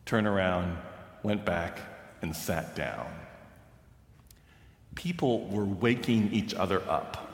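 A man from the Pacific Northwest preaching a sermon as a humorous, animated storyteller. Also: low-pitched, slow pace, long pauses. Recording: long reverb of a large hall.

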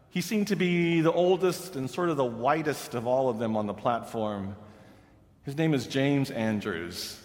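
Humorous male preacher in a reverberant hall. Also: fairly high pitch. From Pacific Northwest US. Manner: humorous, animated storyteller. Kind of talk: sermon storytelling. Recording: long reverb of a large hall.

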